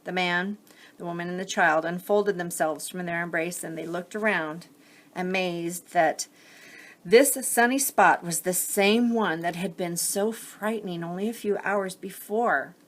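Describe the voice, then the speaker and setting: A woman gently and expressively reading a children's picture book aloud. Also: lowish voice, a little slow. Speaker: storyteller.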